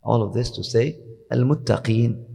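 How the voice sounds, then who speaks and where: Male scholar, fast-paced, reciting and explaining verses, gravelly voice in a reverberant hall. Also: mid-range voice, mellow. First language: Arabic. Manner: deliberate, repeats words, recites Arabic verses. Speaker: Islamic scholar teaching Quran. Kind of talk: explanatory Quran lesson, mixing Arabic and English.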